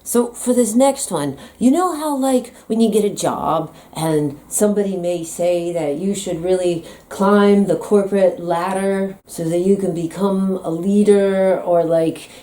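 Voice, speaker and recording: A woman's voice: on the low side, unhurried, hardly any pauses, warm tone. An American woman talking in a comedic vlog monologue, playful, teasing and dramatic. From United States. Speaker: vlogger.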